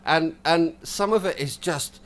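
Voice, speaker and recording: A man with a Scottish accent chatting casually on a podcast, self-deprecating and quick to laugh, with lots of restarts. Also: a little high, fairly bright tone. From Scotland. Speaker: podcast co-host.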